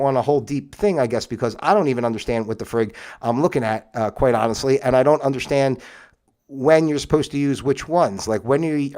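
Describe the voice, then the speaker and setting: A man's voice: mid-range voice, a little mellow. A man hosting a livestream, reading aloud from a web page and rambling in casual, incredulous asides. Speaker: livestream host. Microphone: webcam setup, moves on and off camera.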